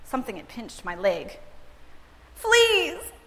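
A woman reading a first-person story aloud in a measured, dramatic storytelling manner. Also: mid-range voice, bright, forceful tone. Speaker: reader and speaker. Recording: long reverb, as in a large hall.

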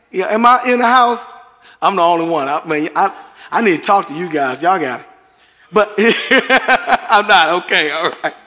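A man's voice: sits high, lively intonation, normal speed, bright, forceful tone. A middle-aged man preaching a sermon to a congregation, chatty and conversational, with chuckles and asides. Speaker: pastor. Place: church sanctuary. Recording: long hall reverb.

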